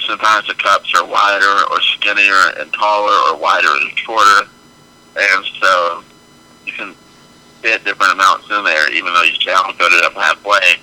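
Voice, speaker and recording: A man co-hosting a podcast, chatting casually and reasoning things out aloud in a relaxed way. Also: low-pitched, normal speed, rough recording. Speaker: podcast co-host. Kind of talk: casual chat.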